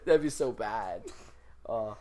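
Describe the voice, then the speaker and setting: A man's voice: fairly low pitch, wildly swooping pitch, extremely slow, a little mellow. Rambling male podcast co-host. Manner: rambling, hesitant fillers and restarts, chuckles often. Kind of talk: casual chat.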